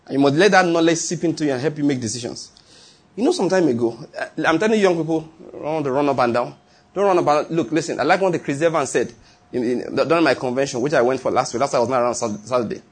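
Male pastor, middle-aged, husky tone, emphatic sermon delivery. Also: mid-range voice, quick pace. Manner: emphatic, repetitive preaching with acted quotes and chuckles.

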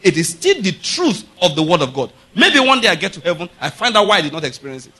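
Bright high-voiced male preacher. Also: very animated, fast talker, husky. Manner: emphatic, rhetorical questions to the audience. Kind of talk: sermon.

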